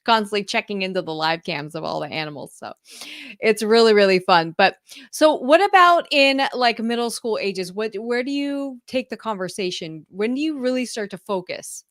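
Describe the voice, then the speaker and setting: A woman's voice: mid-range voice, animated, normal speed, dry recording. Chatty woman host, dry close sound. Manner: chatty, laughs easily, asks follow-up questions. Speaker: podcast host. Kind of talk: casual podcast conversation.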